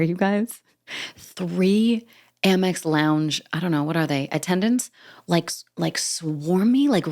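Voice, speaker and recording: A young adult woman hosts her own podcast alone, talking in a low voice with a gravelly edge. She rambles in a loose, chatty way, scattering fillers and acting out bits of conversation as she goes. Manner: chatty, lots of "like" fillers, acts out dialogue. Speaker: podcast host. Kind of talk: casual solo storytelling.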